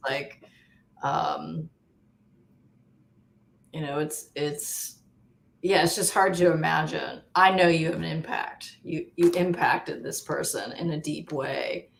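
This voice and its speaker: A woman guest in a casual panel chat, speaking in a hesitant, thoughtful way with many pauses and fillers. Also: low voice, creaky, slight background noise. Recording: roomy echo.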